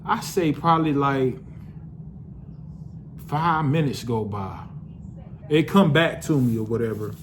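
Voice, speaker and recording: A man's voice: medium pitch, lively intonation, unhurried, long pauses, a little hiss or hum. A young man casually telling a personal story to the camera, loose and profane, with lots of restarts.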